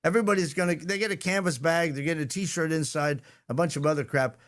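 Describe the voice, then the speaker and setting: A man hosts a podcast over a video call, chatting away in a relaxed, self-deprecating manner. His voice sits a bit high for a man. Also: fast. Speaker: podcast host. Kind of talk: casual podcast chat.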